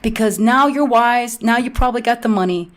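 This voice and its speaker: A woman comedian from Palestine, a guest on a podcast, talking bluntly and with animated emphasis. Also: on the high side, a little fast. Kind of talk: candid podcast interview.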